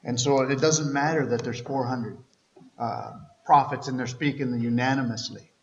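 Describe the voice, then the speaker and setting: Male pastor, earnest conversational sermon, mid-pitched, long church reverb. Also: steady tone, moderate pace. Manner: earnest, conversational preaching with restarts. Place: church sanctuary. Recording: echoey church hall, slightly dull.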